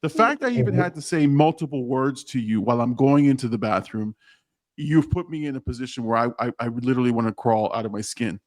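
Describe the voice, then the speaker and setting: A man co-hosting a casual podcast, telling animated stories full of quoted dialogue, with frequent restarts. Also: mid-range voice, fairly quick. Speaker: podcast co-host, HR professional. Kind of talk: casual chat.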